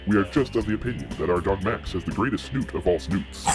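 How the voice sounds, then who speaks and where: A deep-voiced man delivers a show's opening in a grand, ceremonial tone. His scripted words roll out with mock solemnity, while clear guitar music plays behind him. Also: lively intonation, quick pace. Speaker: show intro announcer.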